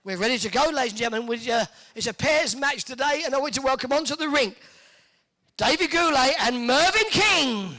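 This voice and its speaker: A tournament MC, joking and teasing the audience during crowd warm-up banter in an indoor arena. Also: high voice, quick pace, hardly any pauses.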